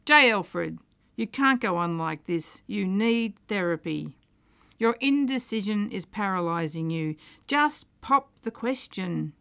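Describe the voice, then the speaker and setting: A woman voicing a brisk woman who bluntly lectures an indecisive man, with a gravelly but smooth voice. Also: medium pitch, fairly bright tone, no room sound. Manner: bossy, exasperated commands.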